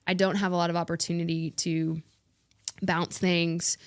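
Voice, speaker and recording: A woman's voice: lowish voice, level tone, normal speed, no room sound, clean studio sound. Earnest, affirming woman podcast co-host. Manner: earnest, affirming, laughs often. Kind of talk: casual chat among friends.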